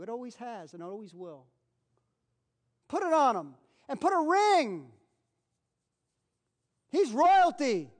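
An animated man preaching a sermon in a fairly high voice. He acts out the people in the story he is telling and repeats phrases for emphasis. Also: slow, pauses often.

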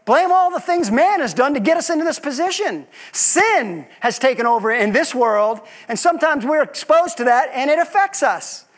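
A man's voice: very high voice, very animated, normal speed, few pauses, a bit bright. A man preaching a sermon as pastor, asking his congregation rhetorical questions and acting out quoted voices.

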